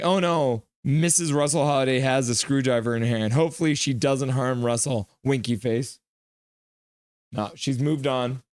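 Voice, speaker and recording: Male live-stream host, mid-range voice, loose and chatty, reads chat and mimics commenters, dry close mic. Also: no room sound. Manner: chatty, reads viewer comments and acts them out in sudden high shouts. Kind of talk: casual live-stream reaction, reading chat aloud.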